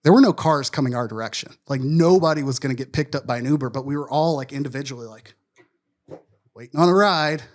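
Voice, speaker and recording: A man from Wisconsin co-hosts a casual sports podcast. His voice sits at a middle pitch, and he tells stories in a loose, profane, self-deprecating way. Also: fast. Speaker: podcast co-host. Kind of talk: casual storytelling chat.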